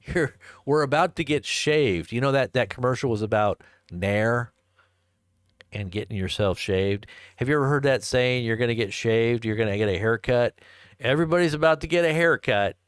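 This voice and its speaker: A man's voice: medium pitch, moderate pace, clean tone, no room sound, studio quality. Rambling chuckling male stream host. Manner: rambling, chuckling, jokey asides. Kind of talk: casual live commentary answering chat.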